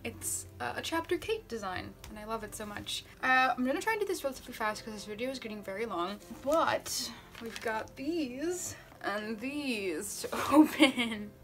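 A young woman vlogging as she unboxes gifts, chatty and gushing with excitement. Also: on the high side, moderate pace. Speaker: book vlogger. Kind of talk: casual unboxing vlog.

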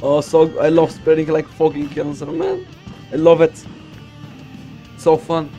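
A young man from the Balkans talks through his strategy game in a casual, boastful stream, swearing freely and cracking jokes to himself. His voice sits a little high for a man, and guitar music plays audibly behind him. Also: big pitch swings, measured pace. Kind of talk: casual gaming commentary. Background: loud background music.

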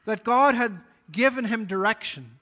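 A man's voice: high-pitched, moderate pace, bright, forceful tone. A man pastor preaching a sermon, reading scripture aloud and explaining it earnestly. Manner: earnest Bible exposition, reading scripture aloud with small restarts.

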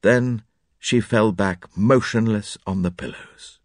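A man narrating a classic detective story with an expressive, varied delivery. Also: fairly low pitch, slow pace, dry recording, studio quality. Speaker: audiobook narrator.

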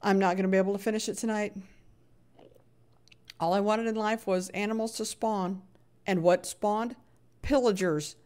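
A woman's voice: mid-range voice, fairly even intonation, moderate pace, long pauses, darkish tone, smooth. A middle-aged woman talks her way through a live game stream in a loose, chatty voice. She plays up her annoyance, grumbles at the game and reads messages from chat aloud as she goes.

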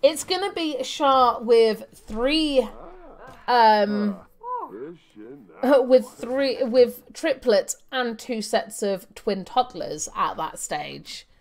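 A woman's voice: fairly high pitch, animated, very slow. A young adult woman giving chatty live gameplay commentary, thinking aloud with fillers and laughing often. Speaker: game streamer.

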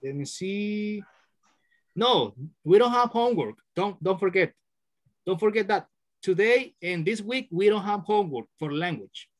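Patient teacher, animated pitch. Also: unhurried. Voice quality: patient, repeats words to correct and stress them. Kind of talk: online class instruction.

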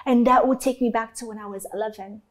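A woman from Canada tells an interviewer a painful story from her past, her voice sitting a little high. She speaks with open emotion and swears casually. She acts out the voices of the people in her story. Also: steady tone, fast. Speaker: interview guest.

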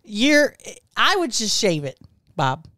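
A woman playing a smug male company boss posing as a customer, talking deadpan and mock-stern in an improvised comedy sketch. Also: a little high, slow, heavily acted. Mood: scolding. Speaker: podcast co-host.

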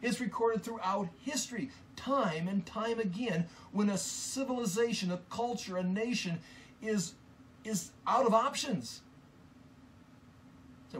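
Man, Bible sermon, earnest and impassioned, halting restarts, high voice. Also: fairly bright tone, slight background noise. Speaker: Bible teacher.

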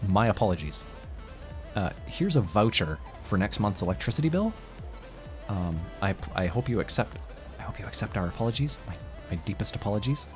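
A fawning door-to-door electricity company man, put on by a man. He talks in apologetic salesman patter, with a lot of swing in his pitch, and game music plays clearly behind him. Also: sing-song, a little fast.

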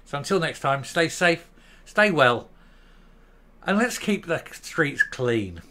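A man in his fifties hosting his own channel, ranting bluntly and profanely to camera and stopping now and then to calm himself down. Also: on the high side, slow pace. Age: 50s. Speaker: commentary channel host. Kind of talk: angry opinion rant to camera.

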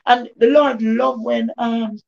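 A woman preaches in a fairly high voice, circling back to phrases with emphatic, rhythmic repetition. The recording sounds dull and lo-fi. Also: fairly even intonation, slow, gravelly, a little mellow. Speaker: devotional speaker. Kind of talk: informal testimony and preaching.

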